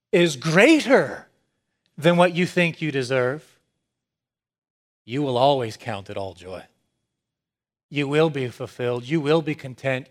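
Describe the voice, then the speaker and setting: A man preaching a sermon, moving from low, measured statements to excited, emphatic declarations. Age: adult with young children.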